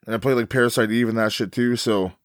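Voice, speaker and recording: A man with a mid-pitched voice, recorded dry and close, recapping a film on a podcast. He is blunt and sarcastic and swears freely in casual chat. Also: steady tone, fast talker, no echo. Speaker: podcast co-host. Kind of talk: casual movie-review chat.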